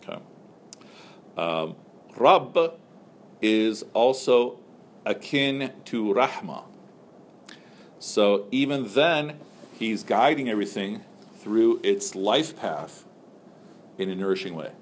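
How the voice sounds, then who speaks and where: A lower-pitched man teaches a class in a relaxed, chatty way, full of "so" and "like" as he jokes with the room and puts questions to his students. A faint hiss sits under his voice. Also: takes it slowly, pauses often. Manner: joking, loose and conversational, many fillers like "so" and "like".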